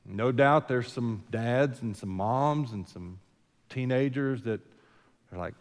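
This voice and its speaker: A man's voice: medium pitch, takes it slowly, long reverb tail. A man preaching a sermon as senior pastor, in a conversational, folksy way full of rhetorical questions, recorded in a church sanctuary.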